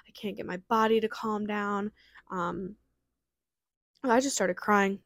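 A woman's voice: mid-range voice, no echo. Chatty young woman podcaster, dry close sound. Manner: fast, chatty, lots of fillers. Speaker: podcast host. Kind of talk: casual solo podcast chat.

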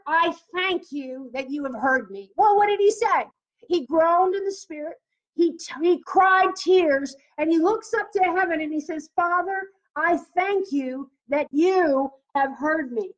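A woman preaching on prayer, reading scripture aloud and commenting on it fervently. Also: very high voice. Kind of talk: teaching on prayer. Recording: dull lo-fi recording.

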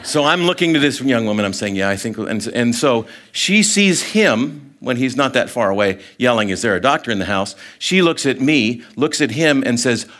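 A middle-aged man giving a sermon as a story, animated and chatty, full of fillers and restarts, acting out the people in it. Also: mid-range voice, moderate pace, hardly any pauses. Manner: animated storyteller, acts out voices, many fillers. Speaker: guest speaker.

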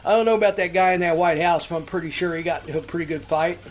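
A man's voice: on the high side, racing, slight background noise. A middle-aged man hosting a comedy show, telling rambling, profane stories and laughing often. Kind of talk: casual comedic storytelling.

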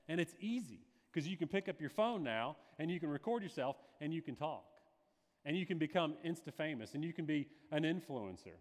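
Male pastor, sermon delivery, slightly higher voice, long hall echo; dramatic, acts out quotes.

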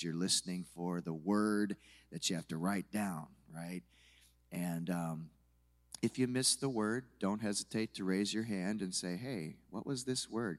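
A man teaching a church conference session in a relaxed, chatty way, his voice low and rough from the early morning. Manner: relaxed, chatty, many fillers. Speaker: conference speaker, worship leader. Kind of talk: casual teaching talk to a church audience. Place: church hall.

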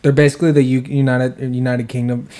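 A man co-hosting a casual podcast, an animated storyteller who swears casually. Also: medium pitch, brisk. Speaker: podcast co-host.

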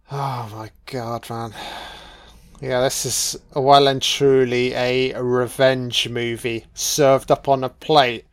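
A man's voice: mid-range voice, clean tone. A man giving a profane, sarcastic commentary on a film as it plays.

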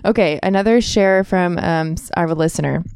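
A woman co-hosting a podcast, chatting casually, telling stories quickly and laughing often. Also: fairly low pitch, darkish tone, clear, resonant tone, no echo, studio quality. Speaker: podcast co-host. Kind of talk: casual chat.

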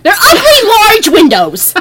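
A woman co-hosting a casual chat podcast, animated and quick to laugh and swear. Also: very high voice. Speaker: podcast co-host. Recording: loud background noise.

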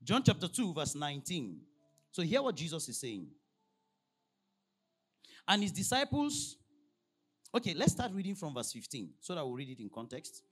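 A man preaching a sermon as pastor, prompting the congregation to finish his lines and reading scripture slowly and emphatically. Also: on the high side, huge pitch swings, fairly bright tone, breathy edge, soft background music. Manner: call-and-response, prompting the congregation with "what?".

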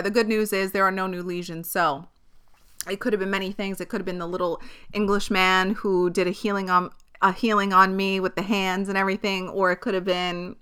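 A woman in her thirties hosting a solo podcast, telling a personal story in a candid, animated way. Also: mid-range voice, clear, resonant tone. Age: 30s. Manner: candid, animated storytelling with frequent swearing and laughter. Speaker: podcast host. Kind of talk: casual solo podcast chat.

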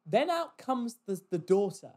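Animated man telling a retail story. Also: high-pitched, unhurried. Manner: animated, swears, mimics customers in quoted voices. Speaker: podcast host. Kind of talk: casual storytelling chat. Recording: poor quality audio.

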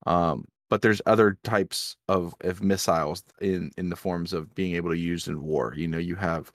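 Here a man with a low voice keeps a steady tone at a normal pace, co-hosting a laid-back drinking-chat podcast. He speaks earnestly, often restarting and saying um. The podcast-mic recording is dry and studio quality.

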